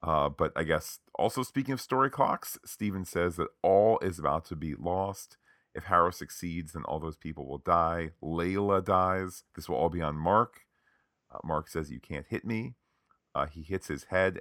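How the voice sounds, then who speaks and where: A man's voice: deep voice, bright, forceful tone, dry recording, clean studio sound. A man co-hosting a podcast, recapping a TV episode conversationally with frequent fillers. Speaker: podcast co-host.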